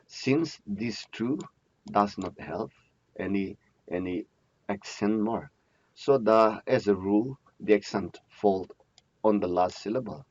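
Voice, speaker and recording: Speaking slowly in a fairly low, darkish voice, a man delivers a grammar lecture to a classroom. He repeats his key terms over and over and answers his own questions. There's no room sound, though the recording is dull, muffled and lo-fi.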